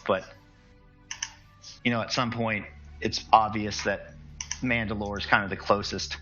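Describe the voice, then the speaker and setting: Deep-voiced male game master. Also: a little slow, pauses often, lo-fi sound, soft background music. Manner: relaxed, hedging explanations with fillers. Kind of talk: narrating a tabletop game.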